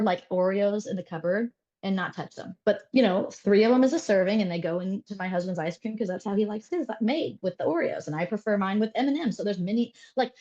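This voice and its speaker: A woman in her thirties telling stories in a casual interview, animated and laughing, full of fillers. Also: mid-range voice, highs cut off. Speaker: interview guest. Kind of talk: casual chat.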